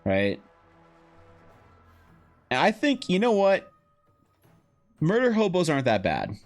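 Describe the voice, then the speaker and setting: A man streaming live while drawing, chatting casually in a rambling, joking way with animated asides. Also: high voice, slow pace, faint music behind. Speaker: streamer and game master. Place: home streaming setup.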